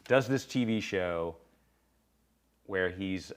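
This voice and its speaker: A man's voice: low voice, slow pace, slight background noise. A man co-hosting a casual live tech chat, easygoing and reading out viewer names. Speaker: co-host.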